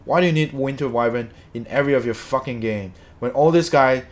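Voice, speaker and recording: A man's voice: mid-range voice, a little fast. Angry swearing man ranting. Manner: angry, swearing, repeats himself. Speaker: streamer. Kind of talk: ranting game commentary to chat.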